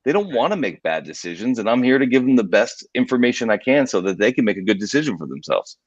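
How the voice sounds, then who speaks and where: A man on a podcast, explaining politics in a measured, hedging way, with restarts. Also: medium pitch, sing-song, husky, dry recording. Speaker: guest. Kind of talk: podcast discussion. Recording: dull lo-fi remote audio.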